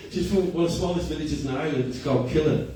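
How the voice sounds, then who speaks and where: A man's voice: a little high, fast, mellow. A male comedian performing a stand-up set at a cafe comedy night, self-deprecating and often laughing at his own lines. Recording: echoey room, far mic, noisy.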